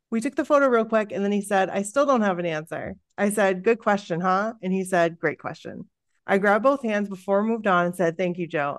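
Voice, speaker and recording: A woman hosts a podcast and reads a listener's story aloud with lively expression. Her voice sits in a middle pitch, and the recording is dry and close with little room sound. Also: no echo. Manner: lively, expressive reading with laughs. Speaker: podcast host.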